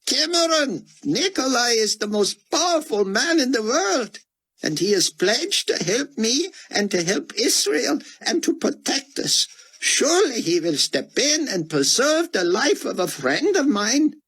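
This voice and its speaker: A man voicing an elderly male scholar who pleads anxiously in a high, urgent voice. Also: sing-song, unhurried, fairly bright tone, slightly rough, heavily acted, rough recording. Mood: pleading, anxious.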